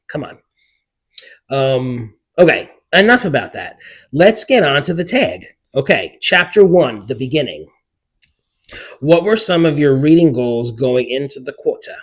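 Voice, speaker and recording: A man in his forties, a book vlogger, chatting casually to camera in an excitable way with many filler words. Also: mid-range voice, husky. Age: 40s.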